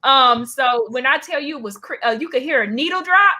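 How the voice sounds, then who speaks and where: A woman's voice: high-pitched, brisk. A young woman stand-up comedian telling a story in casual chat, acting out the people in it. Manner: animated, acts out voices when retelling a story.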